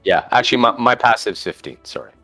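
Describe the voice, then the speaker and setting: A man's voice: mid-range voice, expressive, quick pace, pushed and bright, no echo, soft background music. A man playing a tabletop game, talking bluntly and swearing casually. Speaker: player.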